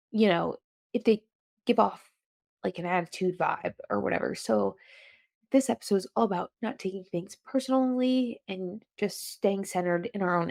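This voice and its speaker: A woman's voice: medium pitch, creaky, no room sound, studio quality. Chatty woman hosting a solo podcast. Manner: chatty, rambling, animated with self-interruptions. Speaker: podcast host. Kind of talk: casual solo podcast chat.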